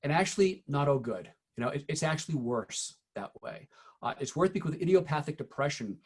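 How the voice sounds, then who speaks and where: A middle-aged man giving a teacher-training talk, telling true stories from his classroom in an earnest, halting way with frequent restarts. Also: on the high side, animated, husky. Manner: earnest storytelling, frequent "uh" and restarts, quiet when recounting.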